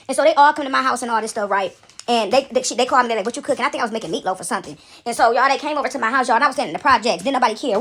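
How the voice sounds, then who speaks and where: A woman telling a story in a casual way, calling her listeners y'all and checking in with "right?". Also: fairly high pitch. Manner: animated, addresses listeners as y'all, asks "right?".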